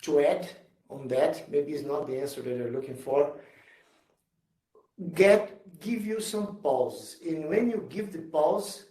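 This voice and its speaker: A man's voice: on the high side, takes it slowly, mellow. Emphatic man, roomy distant sound. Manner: earnest, emphatic, repeats himself in non-native English. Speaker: executive speaker. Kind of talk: motivational talk and Q&A. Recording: roomy sound from far off the mic.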